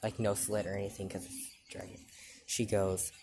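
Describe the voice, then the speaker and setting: A man casually retelling his own fan story, rambling and halting with many fillers and restarts. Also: on the low side, flat delivery, creaky, darkish tone, slight background noise.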